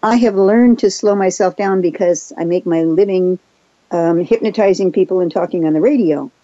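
A woman raised in Japan with Japanese as her first language, a therapist and hypnotist telling her story fast and self-assuredly as a radio guest. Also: lowish voice, mellow, no echo, muffled recording. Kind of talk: casual chat on a radio show.

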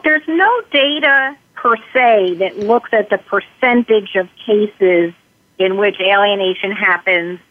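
A woman guest expert giving earnest explanatory answers in an interview, slipping into short quoted lines to illustrate her points. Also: medium pitch. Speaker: guest expert on parental alienation. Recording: tinny phone line.

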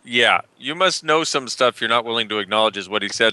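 A man's voice: medium pitch, lively intonation, fairly quick, few pauses, sharp tone, clean tone, dry recording. A man co-hosting a call-in radio show, chatting in a playful, teasing way. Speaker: co-host. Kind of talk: casual radio chat.

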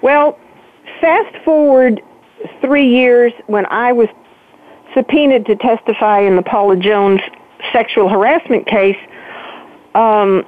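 An older woman, a guest author, telling her story with animated emphasis in a phone-in interview. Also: fairly high pitch, takes it slowly, pauses often. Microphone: telephone. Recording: tinny phone line.

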